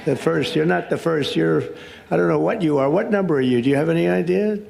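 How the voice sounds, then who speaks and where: Talking quickly, with vocal fry and a slightly mellow, higher-pitched voice, a man delivers a loose, off-the-cuff luncheon speech indoors. He speaks into a podium microphone, wandering into ad-libs and asides between scripted lines.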